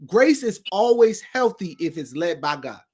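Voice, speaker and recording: A man's voice: sits high, sing-song, measured pace, darkish tone. A man, a guest on a talk show, speaking in an emphatic, preachy way about faith and everyday life. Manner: preachy and emphatic, acts out quoted voices.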